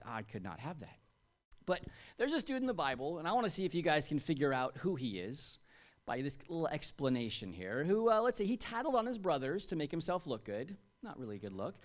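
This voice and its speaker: A man in his thirties from the United States preaching a sermon to a congregation in a chatty, jokey way, asking them questions. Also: fairly high pitch. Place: church.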